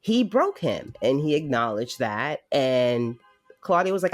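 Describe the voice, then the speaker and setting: A podcast co-host in casual chat, animated and swearing freely. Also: medium pitch, measured pace.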